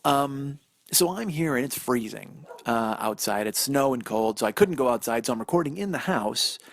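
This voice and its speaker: A man's voice: medium pitch, animated, normal speed, vocal fry, no room sound. A man in his forties hosting a solo comedy podcast from indoors in a house, rambling and swearing as he mocks himself. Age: 40s. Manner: rambling, profane, self-mocking. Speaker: podcast host. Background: dog barking.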